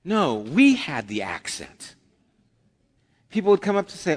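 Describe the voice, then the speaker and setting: Man, pastor, conversational sermon, slightly high voice, long hall reverb. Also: huge pitch swings, a little slow. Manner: conversational preaching with acted asides.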